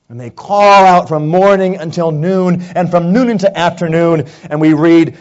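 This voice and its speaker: A man preaching a sermon, retelling a Bible story dramatically and acting out the prophets' cries, swinging from loud calls to hushed lines. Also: on the high side, very animated, moderate pace, muffled recording. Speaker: pastor.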